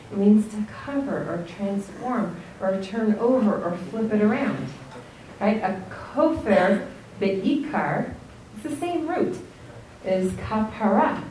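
An American woman with a medium-pitched, somewhat dark voice teaches a group a religious text lesson in a conversational style, often asking "right?". Slight background noise is present, and the recording sounds roomy, with a distant mic and faint ambience.

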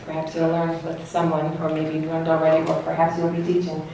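A woman's voice: deep voice, completely flat delivery, fairly quick, warm tone, far from the mic, slight background noise. A middle-aged woman teaching a religious class, earnest and full of storytelling. Her voice carries in a very echoey hall and sounds set back from the microphone. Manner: earnest, storytelling, laughs at own anecdote. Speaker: Torah teacher. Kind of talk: religious lecture. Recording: echoey hall, speaker away from mic.

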